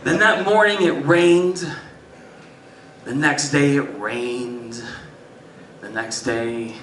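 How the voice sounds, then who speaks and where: A man doing stand-up storytelling on a live stage, swinging between loud bursts and muttered asides. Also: medium pitch, takes it slowly, far from the mic, a little hiss or hum. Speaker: stand-up comedian. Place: live music venue stage. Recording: roomy live club sound from afar. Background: audience laughter.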